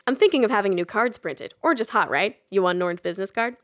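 A woman voicing a brash, smug man who sells kitchen gadgets, talking in a loud, boastful showman pitch. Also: quick pace, close to an everyday voice.

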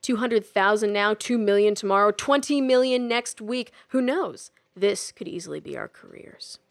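A woman voicing a brash, smug man who sells kitchen gadgets, talking in a loud, boastful showman pitch. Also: normal speed, close to an everyday voice.

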